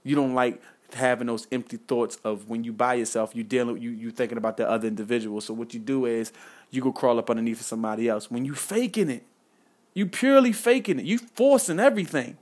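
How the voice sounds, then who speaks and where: A man's voice: mid-range voice, fairly even intonation, quick pace, darkish tone. A young man giving impassioned life advice straight to his viewers. He talks in a casual, slangy way, repeats his points for emphasis and keeps calling out to "man" and "y'all.". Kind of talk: impassioned direct-to-camera monologue.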